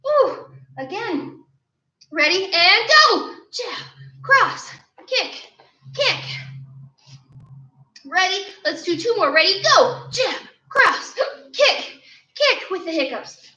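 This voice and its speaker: Bright, high-voiced woman coaching kids. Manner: upbeat, encouraging, calls out drills. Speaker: martial arts instructor. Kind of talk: online kids' class, coaching. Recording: roomy, slightly dull sound.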